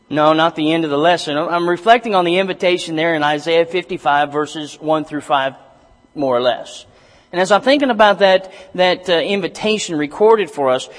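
Male preacher, higher-pitched, hesitant delivery, long church reverb. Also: fairly bright tone. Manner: halting, many restarts and fillers, rising to emphatic reading. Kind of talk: sermon.

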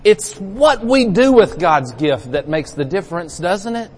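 A man's voice: sits high, big pitch swings, unhurried, darkish tone, breathy edge, big-room sound. A man preaching a sermon in a church, telling stories in a folksy way with many repeated words.

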